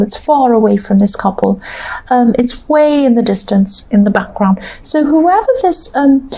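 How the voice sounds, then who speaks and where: Giving an informal tarot reading to the camera, a woman speaks with a fairly high pitch and warm tone. She has the hiccups and muses aloud in a hesitant, rambling way packed with fillers.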